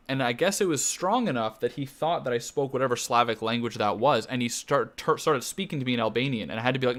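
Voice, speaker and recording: A young Canadian man talking loosely while he plays, with a mid-range voice and a relaxed, rambling delivery. He swears often and laughs as he goes, very much an easygoing game streamer. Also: mid-range voice, fast talker, few pauses. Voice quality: casual, profane, laughs often. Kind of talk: casual gaming stream chat.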